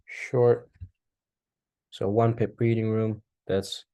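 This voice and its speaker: A man casually talking through a chart recap, thinking aloud with relaxed asides. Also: on the low side, slow pace, vocal fry. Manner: relaxed, talks to himself while charting, asides and apologies. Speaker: trading recap host. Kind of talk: casual screen-share commentary.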